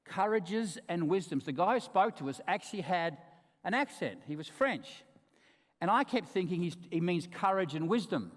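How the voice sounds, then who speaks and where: Animated, high-voiced man giving a keynote. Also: normal speed. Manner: emphatic, humorous storytelling with sudden drops to quiet asides. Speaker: keynote speaker. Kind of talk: conference keynote address. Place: large conference hall. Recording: reverberant hall.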